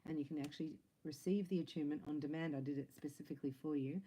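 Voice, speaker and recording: Woman doing a laid back spiritual reading, low voice, warm tone, chatty and jokey. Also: steady tone, racing, husky, poor audio. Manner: chatty, laughing, playful asides. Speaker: psychic tarot reader. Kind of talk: casual spiritual reading to camera.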